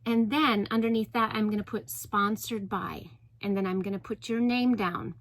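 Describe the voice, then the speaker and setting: A young woman vlogger talking casually to the camera from inside an RV, soft and earnest, with many ums and restarts. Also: mid-range voice, fairly even intonation, moderate pace, no room sound, poor audio.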